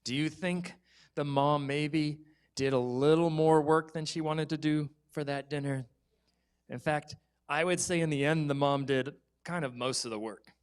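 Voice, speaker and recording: A man telling a children's story in a church service, animated and lively, acting out the kids' voices. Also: on the high side, unhurried, clean tone.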